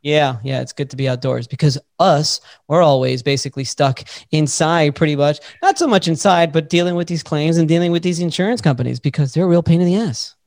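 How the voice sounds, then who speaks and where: A man hosting a podcast, telling a story in a lively, casual way and swearing freely. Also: on the high side, fairly quick, gravelly, hardly any pauses, no echo, clean studio sound. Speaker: podcast host.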